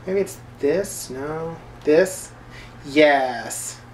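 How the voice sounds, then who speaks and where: A man's voice: a little high, drawn-out words. A man hosting a casual video journal from his kitchen, rambling loosely and packing his talk with filler words. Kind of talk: casual chat while cooking. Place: home kitchen. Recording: roomy, distant mic, faint background noise.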